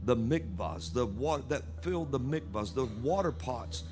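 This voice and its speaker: A man preaching a sermon at a church service, reading scripture aloud with animated delivery. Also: mid-range voice, measured pace, music in the background.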